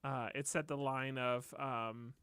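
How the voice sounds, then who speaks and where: A man's voice: medium pitch, steady tone, slow, fairly bright tone, smooth, no echo, studio quality. A man co-hosting a podcast, telling stories in easy casual chat and laughing easily. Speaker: podcast co-host.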